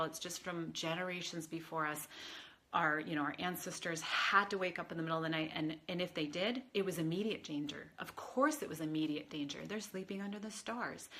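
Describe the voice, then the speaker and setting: A woman's voice: fairly low pitch, a bit bright. A woman spiritual advisor talking casually on a livestream, chatty and rambling with many fillers, answering viewers. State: tearful at times.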